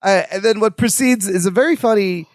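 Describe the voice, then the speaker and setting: High-voiced man with joking asides. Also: brisk, no room sound. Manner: joking asides, laughs between lines. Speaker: podcast co-host. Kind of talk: casual chat recapping a sitcom.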